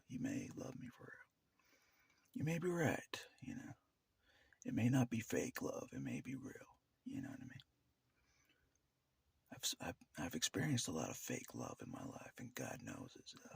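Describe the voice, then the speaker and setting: A man talking casually to the camera in a rambling way, laughing often between phrases, in a gravelly, husky half-whisper. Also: very deep voice, no room sound. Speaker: vlogger.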